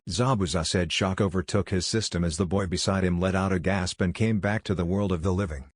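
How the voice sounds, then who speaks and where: A man narrating fan fiction aloud in a steady, even reading manner. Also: low-pitched, a little fast, dry recording, studio quality.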